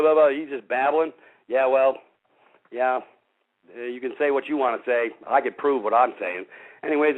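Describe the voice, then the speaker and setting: A man hosting a radio show, talking bluntly and combatively to his listeners and calling them folks. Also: medium pitch. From Missouri. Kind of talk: casual talk radio monologue. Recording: tinny phone-line radio audio.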